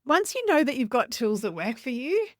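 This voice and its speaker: A woman's voice: sits high, sing-song, normal speed, no room sound. Earnest woman podcast host, dry close sound. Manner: earnest, conversational, self-correcting. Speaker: podcast host and business coach. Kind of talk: podcast monologue.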